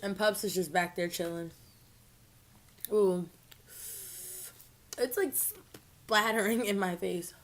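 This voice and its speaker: A woman's voice: mid-range voice, slow, pauses often. A chatty young woman talks to her viewers as she eats. Her delivery is bubbly and casual, full of fillers and little exclamations. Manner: bubbly, chatty, lots of "like" and "ooh". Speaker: mukbang vlogger. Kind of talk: casual chat to camera while eating.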